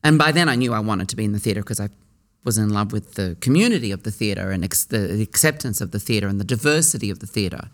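In a lower, animated voice, a middle-aged theatre actor from Australia looks back on the start of his career during a reflective interview, musing with pauses and frequent restarts.

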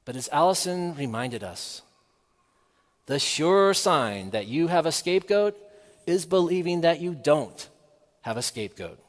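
A man preaching a sermon in a measured, earnest way, asking the listeners rhetorical questions. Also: a little high, very animated, long reverb tail.

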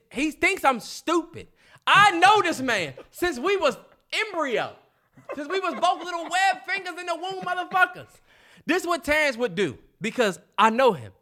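A man co-hosting a podcast, arguing in heated casual debate, animated and cursing as he tells stories. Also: very high-pitched. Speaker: podcast co-host.

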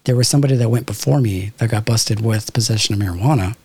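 A man's voice: on the low side, fast, mellow, breathy edge, no room sound. A man in his thirties from Southern California, casually telling a reflective, spiritual story with lots of "like" and "you know". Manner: reflective, spiritual, many fillers like "like". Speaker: podcast guest.

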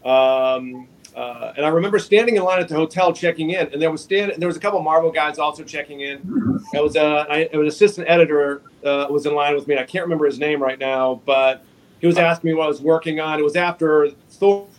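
A man telling casual anecdotes as a guest on a video call, rambling and halting with small chuckles. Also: fairly high pitch, low-quality recording. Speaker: guest comic artist.

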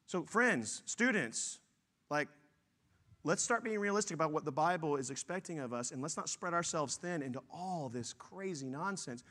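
Bright, forceful preaching man. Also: fairly high pitch. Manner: storytelling, emphatic, says y'all. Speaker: pastor. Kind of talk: sermon.

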